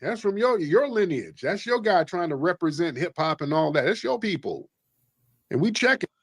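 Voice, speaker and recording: A man's voice: high-pitched, sing-song, normal speed, husky, no echo, clean studio sound. A man hosting a livestream call-in, arguing with callers in a dismissive, mocking, blunt way. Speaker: livestream host taking callers. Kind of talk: heated call-in debate.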